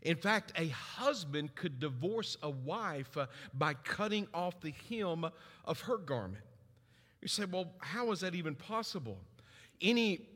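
A middle-aged man preaching a sermon, telling stories and acting out family voices with big swings in pitch. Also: sing-song, unhurried, fairly bright tone. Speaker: pastor. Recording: long hall reverb.

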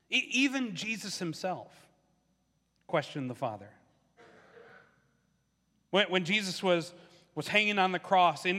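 A man's voice: bright, forceful tone, long reverb tail. A man preaching a sermon as a pastor, talking in a conversational way and acting out the questions of the people he quotes. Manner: conversational preaching, acts out voices of questioners with rising pitch.

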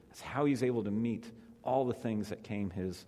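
A man's voice: lowish voice, normal speed, warm tone. Conversational male pastor in a reverberant hall. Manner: conversational, repeats phrases for emphasis. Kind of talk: sermon.

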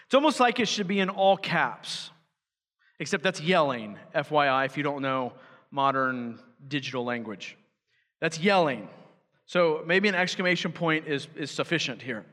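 A man's voice: sits high, sharp tone. A man preaching a sermon as pastor, emphatic and building to fervent urgency. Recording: church hall reverb.

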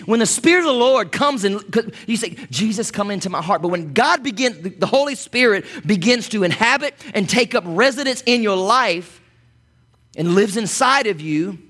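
A man's voice: high-pitched, fairly bright tone. A man preaching a sermon as pastor, chatty and conversational, with asides to the congregation.

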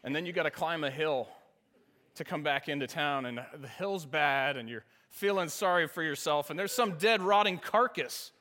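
A man's voice: a little high, normal speed, sharp tone. A man preaching a sermon, telling a funny story about a race and laughing often. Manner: storytelling, self-deprecating humor, laughs often. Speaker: pastor.

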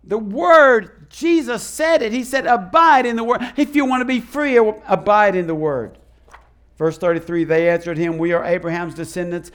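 A man preaching a sermon as pastor, animated and acting out the voices he quotes. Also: very high voice, normal speed.

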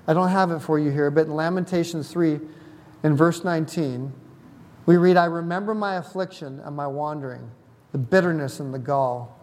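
A man's voice: fairly high pitch, steady tone, moderate pace, darkish tone. A man preaching a sermon as a pastor, talking conversationally and putting questions to the congregation. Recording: long hall reverb.

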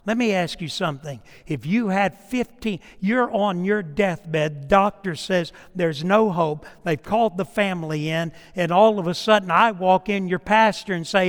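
A man's voice: sits high, normal speed, hardly any pauses, fairly bright tone, in a large hall. A middle-aged male pastor preaching a sermon, telling stories and acting out the dialogue in them.

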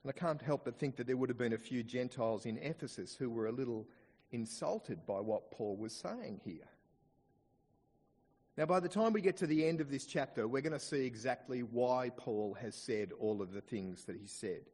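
An Australian man preaching a sermon in church, slowing down to dwell on quoted scripture. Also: medium pitch, slightly rough, long reverb tail. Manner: expressive preaching, slows down to stress quoted scripture. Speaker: pastor.

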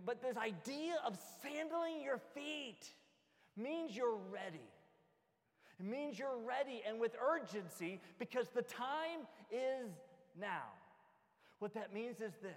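A pastor delivers a lively, joking sermon, slipping into little acted scenes to make his point. His voice sits very high for a man. The sound carries a long reverb, as from a large church hall. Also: a little slow.

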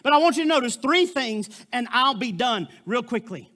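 A man's voice: very high-pitched, expressive, moderate pace, bright, forceful tone. A man preaching a sermon as a guest preacher, fervent and exclamatory, with frequent interjections.

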